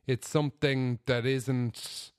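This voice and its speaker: Smooth-voiced man chatting. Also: mid-range voice, fairly even intonation, takes it slowly, no room sound, studio quality. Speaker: podcast co-host. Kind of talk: casual chat.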